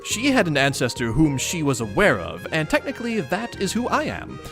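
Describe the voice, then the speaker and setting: A man's voice: fairly high pitch, wildly swooping pitch, moderate pace, over music, voice pushed up. A man voicing a sweet, chatty, know-it-all female troll ancestor, reading a webcomic aloud, with precise and properly enunciated speech. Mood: upbeat, chatty.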